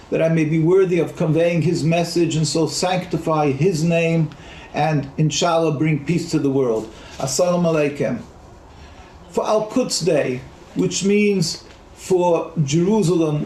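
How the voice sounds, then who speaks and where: A man, a rabbi, giving a solemn public address with a prayerful, measured manner. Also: a little high, a little mellow. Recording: echoey room, faint noise.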